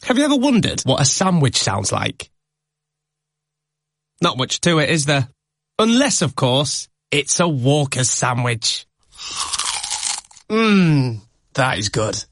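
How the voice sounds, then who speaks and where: A voice in a scripted radio advert, speaking slowly in a teasing, savouring way. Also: medium pitch, very animated, gravelly, a bit bright, no room sound, studio quality.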